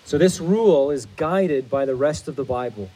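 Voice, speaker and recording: A man's voice: medium pitch, animated, moderate pace, mellow, poor audio. A man preaching a sermon as pastor, in an earnest, explanatory manner.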